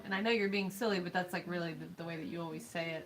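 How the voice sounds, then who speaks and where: A woman's voice: on the low side, fairly even intonation, quick pace, low-quality recording. A woman co-hosting a casual livestream, teasing her partner and laughing often. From United States. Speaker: livestream co-host. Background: faint game music.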